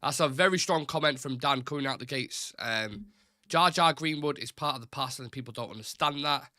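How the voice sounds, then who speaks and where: A man's voice: mid-range voice, a little fast, sharp tone, dry recording, clean studio sound. A man hosting a live fan stream, chatting casually and reading out viewer comments in a rambling, self-deprecating way. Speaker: host of a live fan show.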